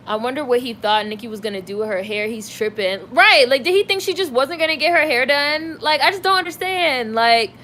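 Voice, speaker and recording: A woman's voice: a little high, slight background noise. A woman hosting a livestream, chatting casually about celebrity gossip and reacting to comments from her chat. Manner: chatty, animated, heavy use of "like". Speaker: livestream host reading chat.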